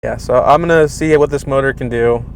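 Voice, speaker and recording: In a casual garage vlog, a young man rambles about his car build, swearing freely and leaning on plenty of "you know." He talks briskly at medium pitch with vocal fry, and there is slight background noise.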